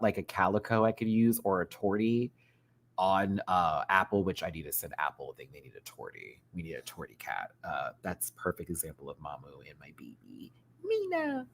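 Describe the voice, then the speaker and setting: Animated man chatting on a live stream. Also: moderate pace. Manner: animated, chatty, expressive pitch swings and laughs. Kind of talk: casual live-stream chat.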